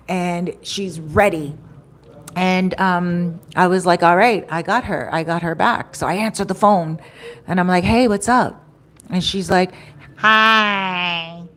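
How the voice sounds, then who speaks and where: A woman vlogger telling a story in a chatty, animated way, laughing often. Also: mid-range voice. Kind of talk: casual storytelling.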